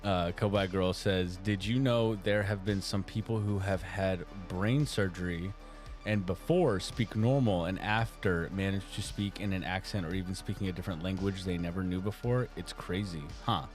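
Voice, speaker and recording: Male stream co-host, somewhat low voice, animated and laugh-prone, reads chat aloud over soft music. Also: normal speed. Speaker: co-host reading chat on a live art stream.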